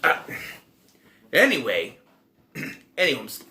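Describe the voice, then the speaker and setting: A man's voice: medium pitch, wildly swooping pitch, takes it slowly, pushed and bright. A man giving a casual spoken movie review, recapping the plot in a rambling way, correcting himself and tossing in wry asides. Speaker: film reviewer.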